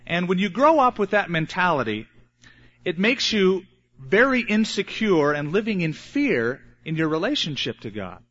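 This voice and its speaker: A man's voice: on the high side, very animated, a bit bright. Earnest older male preacher, muffled recording. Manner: earnest, emphatic preaching with dramatic pauses. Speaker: pastor. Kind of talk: sermon.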